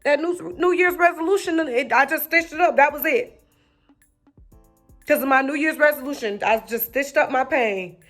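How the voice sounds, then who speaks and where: A woman's voice: sits high, normal speed, fairly bright tone, soft background music. A woman preaching an encouraging sermon, rhythmic and repetitive, with casual slang. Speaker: online preacher.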